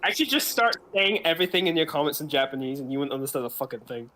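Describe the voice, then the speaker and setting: A man's voice: a little high, big pitch swings, quick pace, sharp tone, a little hiss or hum. A British man joking crudely and swearing freely in a casual gaming chat. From Britain.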